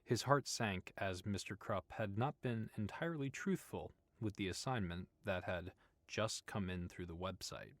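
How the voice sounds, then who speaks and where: Reading at normal speed, a man narrates an audiobook in a voice on the low side, keeping the storytelling steady and even. There is no echo.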